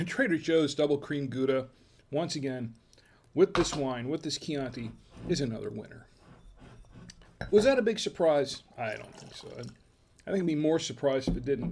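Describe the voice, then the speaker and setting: A man's voice: mid-range voice, animated, moderate pace, vocal fry, darkish tone, a little hiss or hum. An American man hosting a casual wine tasting, chatty and folksy, murmuring as he samples food and wine. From United States. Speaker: wine review host.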